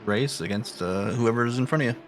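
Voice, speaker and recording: A man co-commentating a sim race live, quickly pointing out on-track action. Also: mid-range voice, slight background noise.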